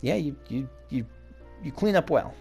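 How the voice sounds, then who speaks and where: This man's expressive voice sits on the high side, with a dark, breathy tone and some vocal fry, at normal speed. He's a let's play host narrating his game in a chatty, eager way, interrupting himself over faint game music.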